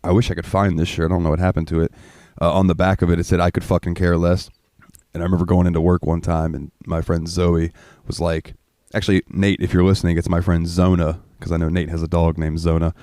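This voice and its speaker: A man's voice: low-pitched, flat delivery, fast talker, mellow, no room sound, clean studio sound. A young man co-hosting a podcast, telling crude stories in casual chat and laughing often. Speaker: podcast co-host.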